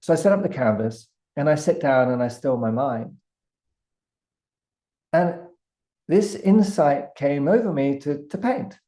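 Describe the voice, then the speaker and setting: A man with a British accent, a guest artist telling a vivid, animated story with frequent restarts. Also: fairly high pitch, a little slow, pauses often. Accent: British English. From Britain. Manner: vivid, building anecdote with many restarts.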